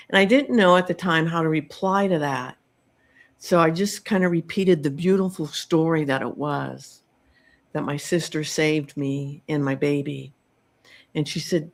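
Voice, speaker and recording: A middle-aged woman hosting a podcast, telling a personal story in a slow, reflective way with many pauses and ums. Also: sits low. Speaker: podcast host telling her own story.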